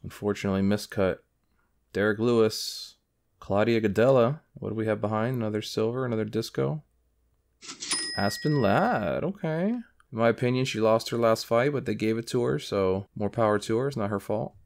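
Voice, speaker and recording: A young man hosting a casual card-opening video, chatting through each pull and bursting into loud excitement over big hits. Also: lowish voice, normal speed, creaky. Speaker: card-collecting channel host. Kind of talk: casual pack-opening commentary.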